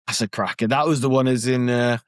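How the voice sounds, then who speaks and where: A man co-hosting a podcast, telling an anecdote in an excitable, animated way. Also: mid-range voice, fairly quick, no room sound, studio quality. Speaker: podcast co-host. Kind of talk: casual anecdote-telling chat.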